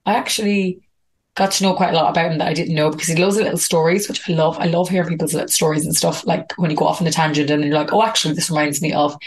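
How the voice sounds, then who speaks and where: A woman's voice: low voice, steady tone, quick pace. An Irish woman hosting a podcast, chatting casually and rambling with frequent laughs. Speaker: podcast host. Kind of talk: casual podcast intro monologue.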